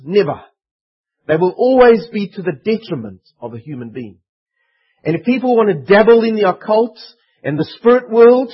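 Earnest guy preaching a sermon, high husky voice. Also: highs cut off. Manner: earnest, emphatic, voicing pleading demons.

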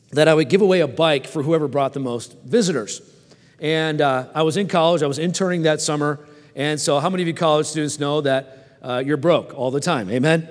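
A man in his forties preaching a sermon and telling personal stories in a folksy way, often stammering and restarting, and asking the audience questions. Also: on the high side. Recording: long hall reverb.

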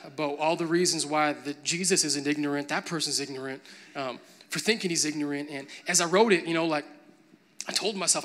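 A man's voice: a little high, a little fast, fairly bright tone. A man preaching a sermon, moving from a conversational tone to emphatic, building preaching. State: briefly choked up with emotion.

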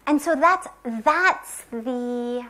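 A woman from the United States telling a spiritual parable in a soft, gentle, reflective way, sometimes dropping to a whisper. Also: a little high, lively intonation. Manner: slow, gentle and reflective, with long pauses. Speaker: spiritual teacher. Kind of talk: spiritual storytelling talk.

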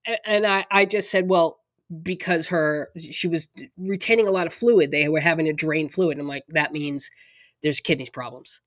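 A middle-aged woman with a fairly low voice, chatting casually as a podcast co-host. She talks in halting stops and restarts and laughs now and then. The sound is close and dry. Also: no room sound. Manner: halting, many restarts, laughs through hard moments. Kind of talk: casual conversation.

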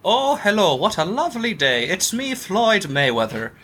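A man voicing a prissy, mock-genteel male cabbage thief in a slow, dainty, high voice. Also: very animated, sharp tone, slightly rough, exaggerated voice.

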